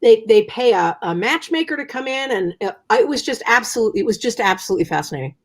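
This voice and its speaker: A woman's voice: on the high side, lively intonation, quick pace. A woman co-hosting a casual chat, telling a story animatedly and repeating phrases for emphasis. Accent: American. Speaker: co-host.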